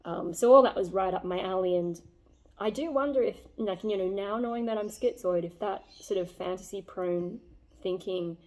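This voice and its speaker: A young woman talks through a personal story in a casual vlog. Her voice sits at an ordinary pitch with a soft, mellow warmth. She rambles earnestly, leaning on fillers as she reflects. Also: normal speed. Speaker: vlogger.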